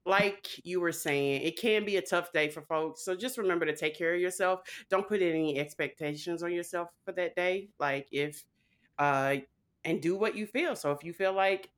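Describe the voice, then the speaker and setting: A woman's voice: lowish voice, normal speed. A woman co-hosting a podcast in casual chat, playful and laughing often. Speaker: podcast co-host.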